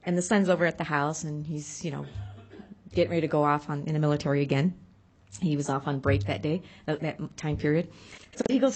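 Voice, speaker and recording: A woman with a husky, slightly breathy voice speaks to an audience in a public talk. She moves between earnest points and animated storytelling, acting out the people she quotes. She is of Mexican heritage. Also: fairly low pitch, fairly quick. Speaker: speaker on community advocacy.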